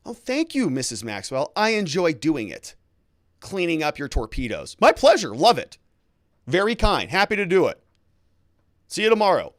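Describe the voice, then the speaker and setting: A fawning male house servant gushes in a high, sugary voice, overdoing every pleasantry, as a man mocks him. The voice jumps well above a normal speaking pitch and rises in volume. The recording is dry and close. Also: huge pitch swings, moderate pace, no echo. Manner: mocking, exaggeratedly sweet.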